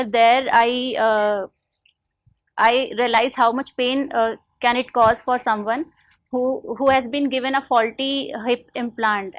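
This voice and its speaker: A young woman from India answering a formal interview panel politely, often saying "sir" and pausing with fillers. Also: a little high, no room sound. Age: young adult. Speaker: interview candidate.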